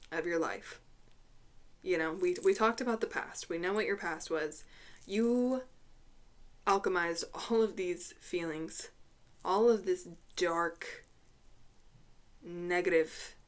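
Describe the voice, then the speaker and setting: A woman gives a tarot reading at a slow, unhurried pace, pausing often and repeating her words as she goes. She clears her throat now and then and sometimes drops to a hushed, soft tone. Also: fairly low pitch. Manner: soft, hushed drops when naming cards. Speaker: tarot reader. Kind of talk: intuitive tarot reading to camera.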